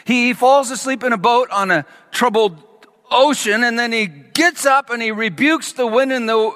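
A man preaching a sermon, swinging from loud emphatic peaks down to hushed, almost whispered lines. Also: very high-pitched, moderate pace, in a large hall.

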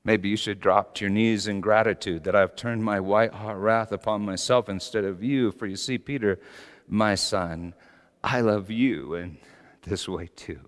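A man voicing God as a stern yet loving father, speaking in a hushed, solemn way. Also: on the low side, a little slow, in a large hall, lightly acted. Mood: hushed, grave.

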